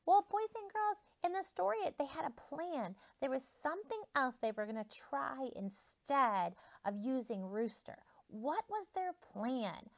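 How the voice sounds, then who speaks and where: Expressive woman teacher reading to children. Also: high voice, a little slow, few pauses. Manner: expressive, asks children questions. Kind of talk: reading a story aloud to children.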